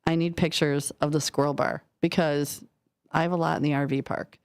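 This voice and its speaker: Gabby lady radio host, kinda low voice, laughs a lot, studio mic. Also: little pitch movement, clean tone. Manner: chatty and giggly, quick questions. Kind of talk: casual radio chat. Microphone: studio microphone.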